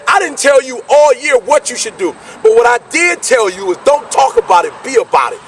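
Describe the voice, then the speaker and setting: A man giving an energetic motivational speech, repeating his points and pushing the listener hard. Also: extremely high pitch, brisk, far from the mic, slight background noise. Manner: energetic, preachy, repetitive call-and-response. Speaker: motivational speaker.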